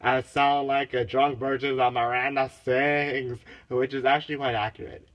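A man's voice: mid-range voice, flat delivery, normal speed, lo-fi sound. A man filming a playful parody home tour on his phone, grumbling in mock complaint and slipping into silly exaggerated voices. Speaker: vlogger. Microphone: phone camera.

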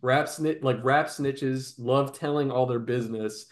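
A man's voice: mid-range voice, a little slow. A man hosting a podcast, telling long stories in a rambling way, with frequent restarts. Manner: rambling storyteller, restarts often. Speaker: podcast host. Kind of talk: casual podcast chat.

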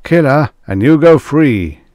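Male reader voicing an impatient unseen commander: higher than his own voice, swinging pitch, dry close sound. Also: animated, a little slow, darkish tone, no echo. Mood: urging, commanding.

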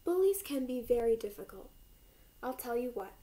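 A woman voicing a kind, loving mother raccoon in a children's storybook, speaking gently and soothingly. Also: on the high side, big pitch swings, moderate pace, poor audio.

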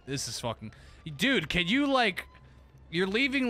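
A man's voice: sits high, sing-song, a little slow, bright, forceful tone, soft background music. A man streaming a game, giving casual commentary, laughing often and swearing casually.

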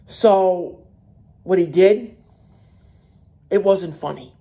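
Very slowly, in a high, gravelly voice with a dark tone, a man rants on his own wrestling commentary channel. Speaking alone, he gets heated and emphatic, repeating himself and restarting words as he gives his opinions.

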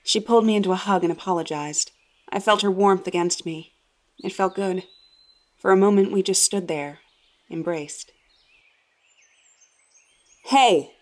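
A woman reading a first-person horror story in a measured, tense voice. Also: lowish voice, steady tone, darkish tone. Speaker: narrator.

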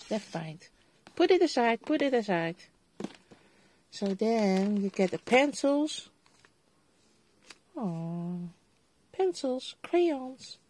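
Slow-talking Dutch woman unboxing a haul. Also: mid-range voice, darkish tone, dry recording. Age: middle-aged. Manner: chatty, exclaims over items, talks straight to viewers. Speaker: vlogger. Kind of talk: casual crafting haul unboxing.

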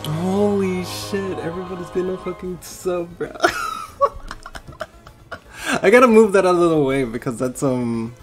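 A man's voice: high voice, a little slow, pauses often, faint music behind. A male streamer on a live stream, overwhelmed and tearing up, thanking viewers with constant swearing and stammered thanks.

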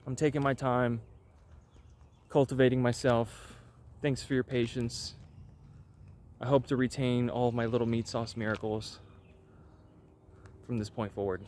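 A man's voice: medium pitch, little pitch movement, measured pace, pauses often, darkish tone, slight background noise. Rambling wry man vlogging. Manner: rambling, wry, offhand asides. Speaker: channel host. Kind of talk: casual vlog chat.

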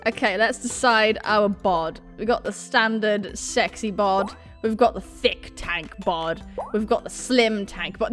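A woman's voice: medium pitch, measured pace, fairly bright tone, faint music behind. A young woman giving casual, gushing commentary on a video game she plays, bubbly and often giggling. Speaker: let's play gamer.

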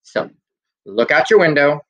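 A man teaches a kindergarten music class on video, talking in an unhurried, gentle way and singing short welcome songs. His delivery is patient and encouraging. The recording sounds a little dull and lo-fi. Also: fairly low pitch, expressive. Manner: gentle and encouraging, slow, sings children's songs. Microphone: phone.

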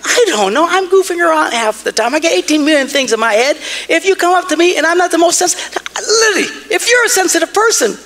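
A man preaching a sermon as pastor, joking and animated, dropping to hushed tones and rising to shouts. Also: very high-pitched, fast talker, hardly any pauses.

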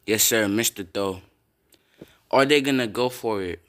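Slow-talking young man reacting to gameplay. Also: fairly low pitch, slight background noise. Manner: reactive, swears often, bursts into loud yells. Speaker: gamer streaming a football video game. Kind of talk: casual gameplay commentary.

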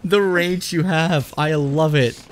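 A man's voice: fairly high pitch, slow pace. A man coaching a video game player on a livestream, swearing casually, teasing, and laughing often.

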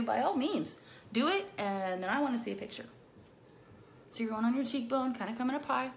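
A woman's voice: medium pitch, animated, brisk, creaky, a little hiss or hum. A middle-aged woman chatting casually through a makeup tutorial, bubbly and playful, with silly rhyming words. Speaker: makeup vlogger.

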